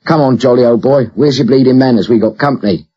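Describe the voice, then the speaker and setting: A man putting on a worn-out, hoarse cockney radio operator with a weak, grim voice, an audiobook character on a dull, lo-fi recording. the voice sits low and husky. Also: quick pace, warm tone, lightly acted. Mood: wry.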